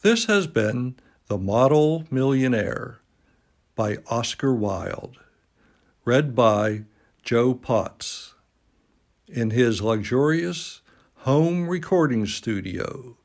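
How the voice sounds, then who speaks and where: This reader has a mid-range, animated voice and goes extremely slowly through a classic story, delivered as storybook narration. He sits at his dining table at home, recorded on a phone, and his humor is dry and self-deprecating.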